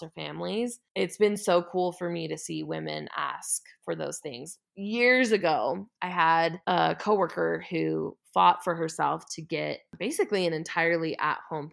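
A woman with a lowish, gravelly voice hosts a podcast on her own. She delivers solo motivational talk that comes across as earnest, heartfelt and emphatic.

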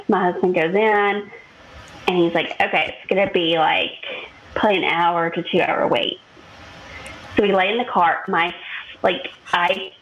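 A woman's voice: lowish voice, dull audio, a little hiss or hum. A woman, telling a long personal story as a podcast co-host and acting out what others said. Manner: animated storytelling, acts out quotes. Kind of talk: casual chat.

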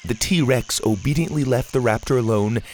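A man narrating a children's adventure audio story in an expressive, lively manner. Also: medium pitch, moderate pace, a little hiss or hum.

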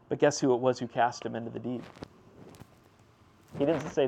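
A man preaching a sermon in a conversational way, with fillers and asides to the congregation, swinging between loud emphatic bursts and low hushed passages. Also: animated, a little fast, pauses often, lo-fi sound.

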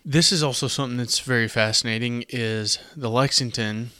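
A Southern US man hosts a history podcast, narrating events casually and conversationally with asides. His medium-pitched voice is pushed, bright, clear and resonant, a little fast, recorded studio-quality with no echo.

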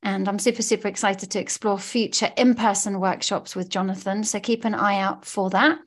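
A woman's voice: mid-range voice, steady tone, normal speed. A woman hosting a casual podcast as a coach, upbeat and gushing. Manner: upbeat, gushing, warm encouraging patter. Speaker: podcast host, law of attraction coach. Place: studio.

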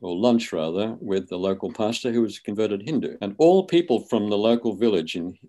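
Older man, lowish voice, relaxed anecdotal storyteller, interview guest. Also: brisk. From Australia. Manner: relaxed, anecdotal, acts out quoted speech. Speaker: guest, author and physician. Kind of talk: conversational storytelling.

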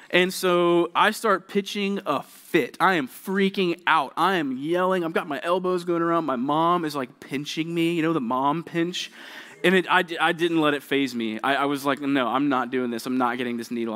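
Speaking to a junior high group, a young man serving as youth pastor recounts something from when he was a kid. He keeps it casual and frequently engages the listeners, with a slightly bright tone.

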